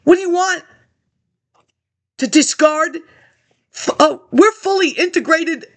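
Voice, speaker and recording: Speaking slowly in a very high-pitched voice, a woman rants about politics to an audience that isn't there. She's confrontational and accusatory, hopping from one topic to the next.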